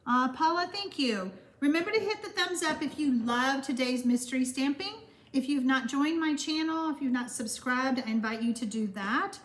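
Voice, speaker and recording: High-voiced Texan woman live-streaming. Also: normal speed. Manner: warm, gushing, rambling with fillers. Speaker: card-making live stream host. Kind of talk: chatty live stream, reading viewer comments aloud.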